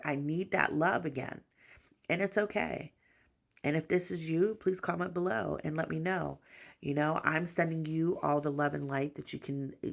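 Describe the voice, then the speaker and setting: Gentle, reassuring woman tarot reader. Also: low-pitched. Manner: gentle, reassuring, repetitive affirmations; frequent "you know" fillers. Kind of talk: spiritual collective reading.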